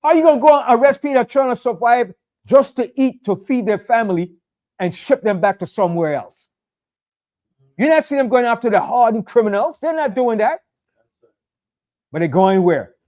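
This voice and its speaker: High-voiced man preaching with fire. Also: expressive, normal speed, long pauses, darkish tone. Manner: fiery, conversational preaching with emphatic repetition. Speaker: pastor. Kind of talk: sermon.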